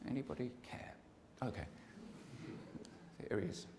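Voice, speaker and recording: A man's voice: medium pitch, animated, measured pace, vocal fry, noisy background. Chatty male comic poet in a reverberant hall. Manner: chatty, joking, draws in the audience. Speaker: comic poet giving a pre-concert talk. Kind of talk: live talk with sung poems. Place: concert hall before a live audience. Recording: long hall reverb with music.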